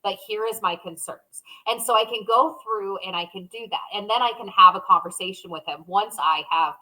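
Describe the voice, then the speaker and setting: Bright-voiced candid woman co-host. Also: mid-range voice, fairly quick, poor audio. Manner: candid, emotional, acts out quoted inner voices. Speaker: podcast co-host. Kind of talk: casual conversation.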